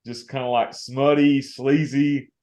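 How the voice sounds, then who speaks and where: A man hosting a podcast, chatting casually about a film in a relaxed, rambling way and laughing often. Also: medium pitch, measured pace, reverberant. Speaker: podcast host.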